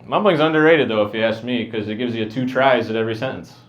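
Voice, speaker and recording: A man doing a stand-up set, mumbling in a flat deadpan. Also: mid-range voice, fast, reverberant. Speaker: stand-up comedian. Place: comedy venue with a live audience. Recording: dull lo-fi live recording with crowd.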